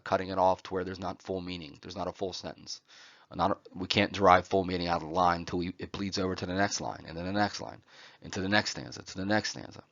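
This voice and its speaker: Male lecturer, low-ish voice, many "uh"s and "right?" checks, dry dull recording. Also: fairly bright tone, no echo. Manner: frequent "uh" fillers and tag "right?". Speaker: college lecturer.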